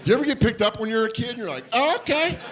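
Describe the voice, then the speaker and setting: Very fast and high-pitched, a man performs stand-up on stage, telling animated stories and acting out the people in them. He is heard over loud music in a live club set with audience noise behind.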